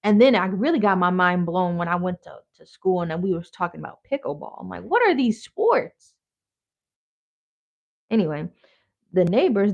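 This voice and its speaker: A woman's voice: on the low side, a little mellow. A woman from Wisconsin telling a story in a casual, chatty, blunt way as a vlogger. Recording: dull lo-fi audio.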